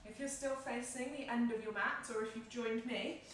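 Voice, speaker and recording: Leading a guided yoga class at a moderate pace, a woman with a high, light voice offers calm, encouraging breath-timed cues, a little out of breath as she moves. A distant mic catches her echoing off a bare room, along with a little hiss or hum.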